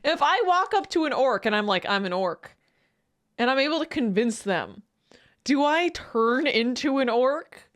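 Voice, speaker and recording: A woman streaming a casual reaction, excitable and quick to laugh and swear. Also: high-pitched.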